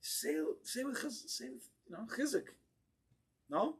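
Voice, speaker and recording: A man, a rabbi, giving an impassioned Torah class in a congregation hall, moving between quiet asides and forceful exclamations. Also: very high-pitched, lively intonation, measured pace, vocal fry, slightly rough. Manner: fervent and emphatic, swings from hushed asides to forceful exclamations.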